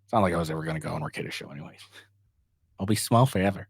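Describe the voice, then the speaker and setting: A man's voice: sits low, rapid-fire, gravelly, slightly rough, dry recording, studio quality. A man giving casual, rambling commentary, full of swearing, fillers and restarts, and mocking when he paraphrases others. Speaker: online commentator.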